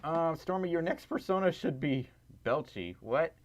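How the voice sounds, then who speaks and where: Chatting casually on a livestream, a man with a voice on the high side rambles at a moderate pace, animated and self-deprecating. He sounds tired and a little scratchy, with lots of fillers and laughs.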